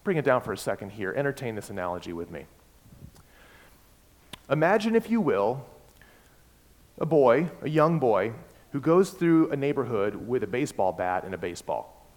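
A man preaching a sermon, emphatic and repeating key words, swinging between loud and soft. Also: medium pitch, very animated, normal speed, long pauses. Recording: long hall reverb.

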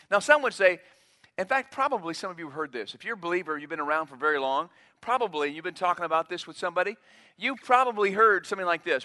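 A man's voice: high-pitched, pushed and bright. A man preaching a sermon, emphatic, acting out quotes in a raised voice. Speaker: pastor.

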